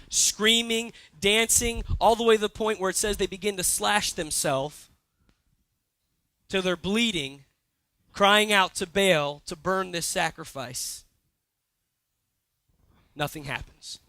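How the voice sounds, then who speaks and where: A young man preaches, retelling a story with animated asides and acted-out quotes. His voice sits high and bright, recorded dry and close with no room echo. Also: slow, long pauses. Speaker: pastor. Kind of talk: sermon. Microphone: handheld or stage mic.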